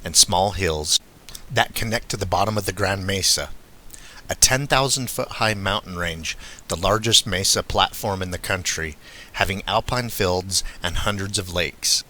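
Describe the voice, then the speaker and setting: A man reading a first-person witness account aloud in a steady, measured way. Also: deep voice. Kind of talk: scripted first-person narration.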